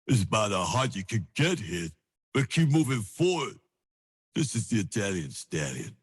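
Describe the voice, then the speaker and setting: A man doing the Italian Stallion, husky boxer. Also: fairly low pitch, full character voice. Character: tough male boxer, gruff street talker. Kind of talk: radio station drop.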